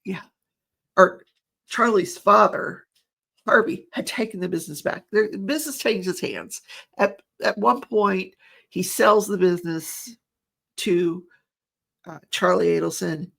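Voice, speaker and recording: A woman's voice: mid-range voice, unhurried, gravelly, long pauses, a bit bright. A middle-aged woman recapping a trial in a chatty, rambling way, often laughing. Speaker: true crime commentator.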